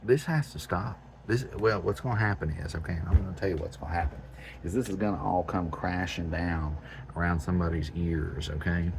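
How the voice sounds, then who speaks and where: A man's voice: sits low, brisk, darkish tone, slight background noise. A man, hosting a homestead channel, ranting bluntly and with exasperation, repeating phrases for emphasis. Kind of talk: ranting monologue to camera.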